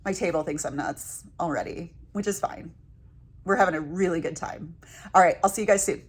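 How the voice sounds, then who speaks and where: A woman's voice: lowish voice, a little fast, slightly rough. Chatty woman vlogger telling stories. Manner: chatty, laughing, self-deprecating storytelling. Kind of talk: casual vlog chat.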